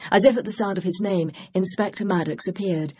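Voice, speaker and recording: An audiobook narrator reading a mystery novel in a steady, measured way. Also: mid-range voice, husky. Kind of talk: scripted narration.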